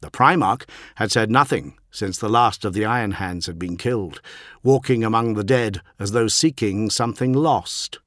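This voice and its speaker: Low-voiced man narrating dramatically. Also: normal speed, no echo, clean studio sound. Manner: dramatic, even-paced storytelling. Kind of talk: scripted audiobook narration.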